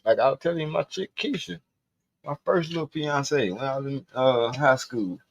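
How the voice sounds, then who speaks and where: A man's voice: mid-range voice, moderate pace. A man hosting a livestream, telling loose, profane stories with frequent laughter. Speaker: livestream host. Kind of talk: casual storytelling.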